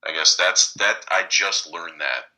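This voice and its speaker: Monotone, bright-toned deep man in his forties. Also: a little slow, poor audio. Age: 40s. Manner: monotone, even-keeled delivery. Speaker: podcast co-host, lawyer. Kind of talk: casual podcast chat.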